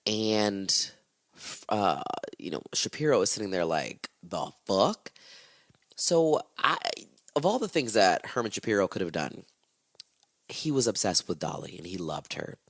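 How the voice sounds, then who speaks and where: A man's voice: lowish voice, big pitch swings, normal speed, a bit bright, dry recording. A man hosting a podcast, retelling a true-crime story in casual chat, irreverent and swearing freely as he acts out the quotes. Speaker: podcast host.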